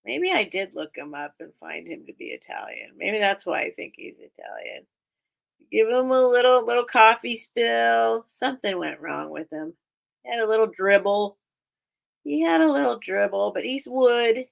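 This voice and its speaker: A woman's voice: on the high side, animated, normal speed, creaky. A woman hosting a live online sale, chatting casually and rambling as she shows off her items, often breaking into giggles. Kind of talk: casual live-stream sales chat.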